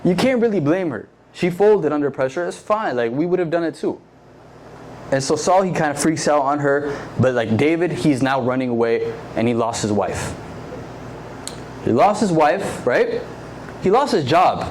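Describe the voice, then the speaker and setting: A man's voice: fairly high pitch, lively intonation, normal speed, slight background noise. Chatty young male youth preacher. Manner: chatty, constant "like" fillers, acts out quotes. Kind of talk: casual storytelling sermon.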